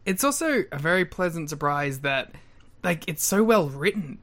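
A man's voice: on the high side, animated, normal speed, fairly bright tone. A man, co-hosting a podcast in laid-back, laughing chat. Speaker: podcast co-host. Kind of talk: casual chat.

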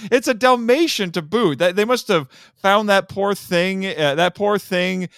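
A man's voice: high voice, measured pace, fairly bright tone, smooth, no echo. A man co-hosting a podcast in casual, joking chat, laughing often. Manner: jokey, playful, laughs often. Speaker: podcast co-host. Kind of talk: casual chat reviewing a tokusatsu show.

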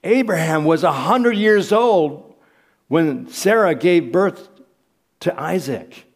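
Slow, earnest male preacher. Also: fairly high pitch, lively intonation. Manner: earnest, repeats phrases for emphasis. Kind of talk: sermon.

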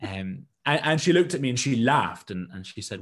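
A man's voice: medium pitch, expressive, moderate pace, fairly bright tone. A man from the United Kingdom, a guest entrepreneur, telling his story in a self-deprecating, rambling way. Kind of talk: casual storytelling in an interview.

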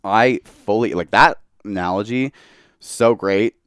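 A man's voice: fairly low pitch, unhurried, fairly bright tone, clean tone, no echo, clean studio sound. A young man talking candidly as a podcast guest, a bit tipsy from tequila, filling his speech with "like.". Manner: candid, heavy use of "like". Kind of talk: casual chat.

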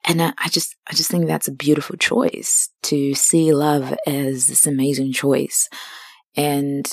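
Young woman podcast host, deep and dry, slow and chatty, a bit dramatic. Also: level tone, vocal fry, dry recording. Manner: chatty, self-dramatizing storyteller. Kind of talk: casual personal monologue.

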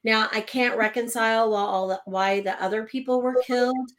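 Middle-aged woman guest, animated storyteller, slightly high voice, laughs as she talks. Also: moderate pace, rough recording. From Oklahoma. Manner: animated, laughs between lines, acts out quoted voices. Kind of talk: personal storytelling in conversation.

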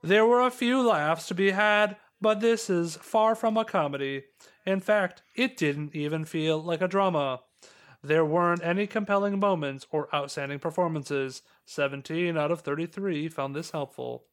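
A man's voice: a little high, normal speed. A man co-hosting a podcast, reading reviews and doing goofy mock-news bits. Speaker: podcast co-host. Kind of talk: casual banter, reading reviews.

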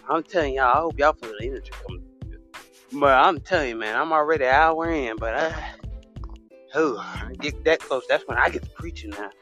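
High bright man preaching loudly. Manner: shouting preacher cadence with whoops and laughter. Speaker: podcast host. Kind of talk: comedic mock sermon.

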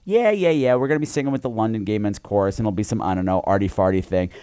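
A man co-hosting a podcast, telling a campy story in a casual, animated way. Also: lowish voice, fast, clean tone, no echo. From New York. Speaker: podcast co-host. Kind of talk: casual chat.

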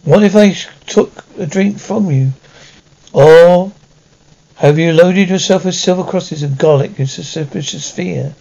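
A man's voice: high-pitched, measured pace, gravelly, dark tone. A man voicing an aloof ancient male vampire lord who speaks formally and mockingly. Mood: cold. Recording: dull lo-fi recording.

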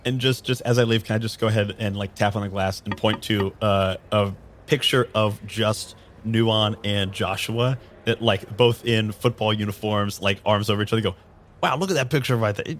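A man's voice: on the low side, level tone, normal speed, few pauses, slight background noise. Hesitant man narrating a tabletop character. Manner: hesitant, filler-laden narration. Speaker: player. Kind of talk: narrating his character's actions in a tabletop game.

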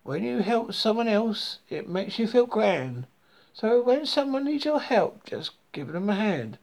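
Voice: mid-range voice, big pitch swings, measured pace, voice pushed up. A reader voicing a kind little mouse. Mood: gentle. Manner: gentle, rhyming storybook voice. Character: kind helpful male mouse.

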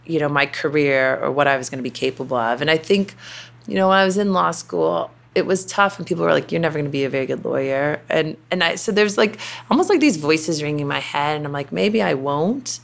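Low creaky-voiced Southern woman. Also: fairly quick. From Kentucky, USA. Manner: chatty storytelling with many fillers. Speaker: interview guest, company president. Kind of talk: conversational interview.

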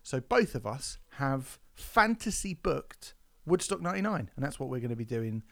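Animated man hosting a podcast. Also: medium pitch, normal speed, gravelly. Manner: animated, swearing, mock-outraged storytelling. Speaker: podcast host. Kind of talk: casual podcast chat.

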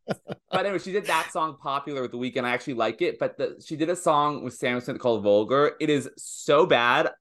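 Man, podcast guest, casual chat, gushing, rambling, bright forceful voice. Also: mid-range voice, a little fast.

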